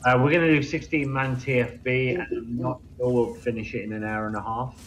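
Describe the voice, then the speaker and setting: A man from England with an English accent, calmly leading a raid in a casual gaming voice chat. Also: medium pitch, fairly quick. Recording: noisy game voice chat.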